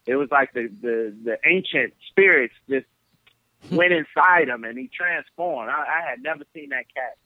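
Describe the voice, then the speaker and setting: A man from Flint, Michigan, telling stories as a podcast guest over the phone, animated and acting out the people in them. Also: medium pitch, moderate pace, dry recording. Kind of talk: casual storytelling on a podcast. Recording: tinny phone line.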